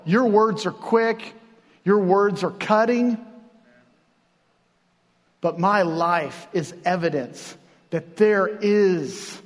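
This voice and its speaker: A man with a notably high voice preaches in a casual, animated way, slipping into voices as he quotes and jokes. His words carry the long reverb of a church hall. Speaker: pastor. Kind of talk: sermon.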